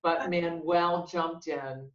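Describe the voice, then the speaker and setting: Woman, playful host, lowish voice, muffled roomy video call audio. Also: steady tone, slow. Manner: playful, laughing, acts out quoted voices. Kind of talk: casual webinar chat.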